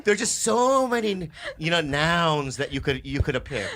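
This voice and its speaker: A man on a comedy podcast, chatting loosely and breaking into laughter, piling up repeated words and the odd curse. His voice is bright and tense and bounces all over the place, with a faint hiss of noise underneath. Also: on the high side, big pitch swings, normal speed. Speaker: podcast co-host. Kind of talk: casual chat.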